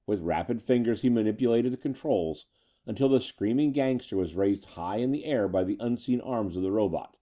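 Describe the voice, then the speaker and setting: A man narrating a pulp story in a measured, dramatic reading. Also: lowish voice, animated, dark tone.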